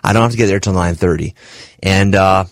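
A man's voice: low voice, a little fast, dry recording. Chatty rambling man pastor-host. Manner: chatty storyteller, rambling explanations. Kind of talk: casual studio banter. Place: radio studio.

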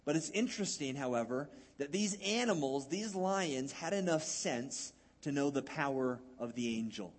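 A man's voice: fairly high pitch, animated, moderate pace, few pauses, slightly rough. A male pastor preaching a sermon in a conversational, folksy way, acting out Bible scenes.

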